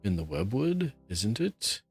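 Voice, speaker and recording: A man hosting a relaxed let's play, chatting and musing aloud as he plays. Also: lowish voice, measured pace, husky, soft background music. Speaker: gameplay host.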